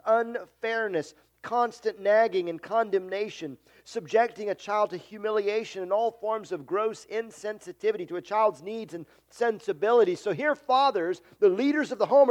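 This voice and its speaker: A middle-aged man preaching a sermon as a pastor, earnest and conversational, often repeating himself. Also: high voice.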